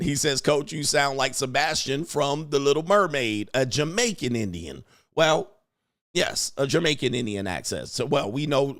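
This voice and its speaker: A man's voice: fairly high pitch, a bit bright, dry recording, clean studio sound. Blunt crude man ranting on a livestream. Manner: blunt, crude, laughs at his own jokes. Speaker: livestream host. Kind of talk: casual livestream rant.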